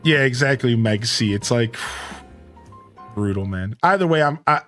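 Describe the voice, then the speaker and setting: A man livestreaming and chatting casually with his viewers, telling a rambling, animated story full of filler words. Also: medium pitch, measured pace, faint music behind. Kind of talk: casual chat with stream viewers.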